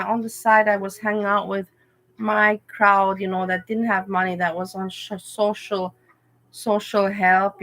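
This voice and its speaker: A woman's voice: medium pitch, fairly bright tone. Candid, rambling woman streamer. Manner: candid, rambling, emotional storytelling. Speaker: livestream host. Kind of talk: casual livestream chat.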